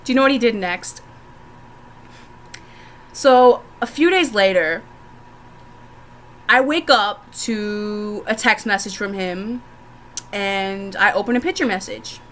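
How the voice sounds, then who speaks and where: A woman's voice: medium pitch, takes it slowly, pauses often, a bit bright, slight background noise. A young woman vlogger telling candid stories to the camera, frank and profane, often laughing as she talks.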